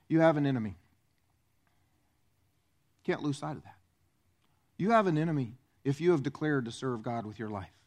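A man pastor preaching a sermon, animated and acting out the voices he quotes. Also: high voice.

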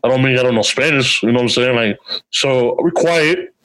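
A man's voice: a little fast, a crowd in the background, rough recording. A man co-hosting a podcast in casual chat, using streetwise slang and acting out the people in his stories. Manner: animated, acts out quotes with big pitch jumps; streetwise slang, frequent "you know what I'm saying". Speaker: podcast co-host.

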